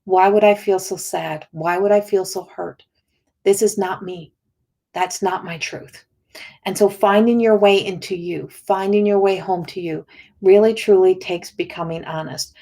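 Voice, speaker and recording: A woman's voice: mid-range voice, fairly even intonation, measured pace, warm tone. A middle-aged woman, a spiritual healer, talking earnestly on a livestream, rambling with many restarts. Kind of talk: casual livestream talk.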